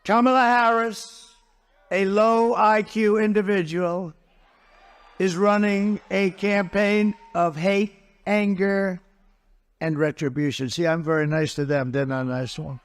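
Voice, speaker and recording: A man's voice: sits high, fairly even intonation, measured pace. A man speaking as a political candidate at a campaign rally, blunt and mocking, repeating his points and boasting in asides to the crowd.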